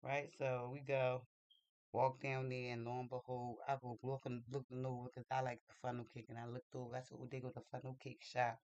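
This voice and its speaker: A man telling a personal story in a casual, animated and chatty way, acting out what people said. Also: medium pitch, a little fast, no room sound. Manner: animated, chatty, acts out quotes. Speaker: vlogger.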